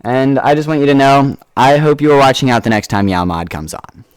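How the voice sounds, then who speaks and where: A man's voice: mid-range voice, fairly quick, clean tone, no room sound. A man hosting a charity stream, reading donation messages in a playful, teasing way.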